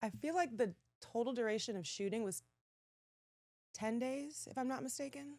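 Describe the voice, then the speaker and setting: A woman in her thirties, a podcast guest telling stories in casual, lively chat with frequent laughs. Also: on the high side, moderate pace, no echo. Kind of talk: casual chat, animated storytelling.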